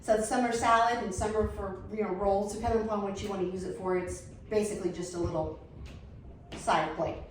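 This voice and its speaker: A middle-aged woman, telling a blunt, animated story while setting a table. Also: medium pitch, fairly quick, far from the mic, slight background noise. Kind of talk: casual storytelling chat. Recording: echoey room, voice from off the mic.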